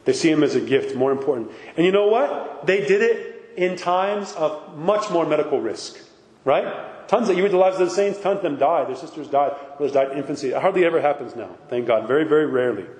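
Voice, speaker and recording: Animated and brisk, this man has a fairly high voice with a darkish tone. As a priest he delivers a conversational sermon, speaking emphatically and asking many rhetorical questions, in a hall full of echo and faint background noise.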